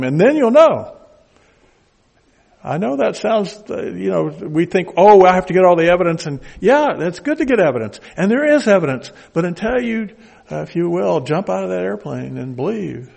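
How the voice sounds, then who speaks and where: A man's voice: sits high, gravelly, darkish tone, breathy edge. An older man with a Southern accent preaching a conversational sermon with folksy asides.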